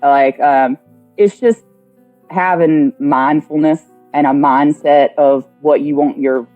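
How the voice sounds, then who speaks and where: A woman caller in a casual call-in chat, blunt and profane, telling stories with animated energy. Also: low voice, takes it slowly, narrow, tinny audio, faint music behind.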